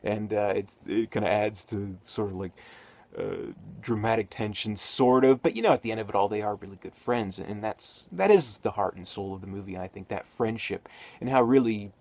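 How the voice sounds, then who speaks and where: A man's voice: on the low side, moderate pace, a little mellow. A man giving a casual spoken movie review, rambling with many fillers and restarts.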